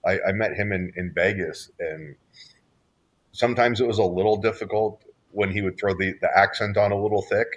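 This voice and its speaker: A man's voice: on the low side, steady tone, moderate pace, muffled recording. A man from Southern California, co-hosting a podcast in casual chat, rambling with restarts and fillers. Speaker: podcast co-host.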